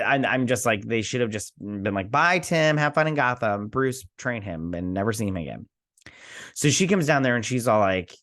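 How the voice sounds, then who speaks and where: A young man casually recapping and reviewing a TV episode, rambling with many fillers and restarts. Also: on the low side. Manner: rambling with many fillers and restarts, paraphrasing characters in a flat aside. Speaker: TV review host.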